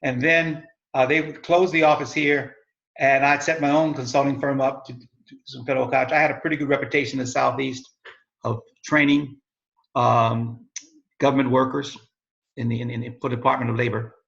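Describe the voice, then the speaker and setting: Older man, gravelly bright voice. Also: medium pitch, fairly even intonation, normal speed, highs cut off. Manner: rambling, self-correcting storyteller. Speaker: interview guest, father of host. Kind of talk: casual storytelling interview.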